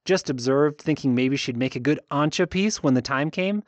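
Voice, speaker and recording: A man's voice: medium pitch, animated, normal speed, no room sound, lightly acted. A man reading an audiobook, voicing a passionate young woman heroine who speaks up with urgent, indignant force.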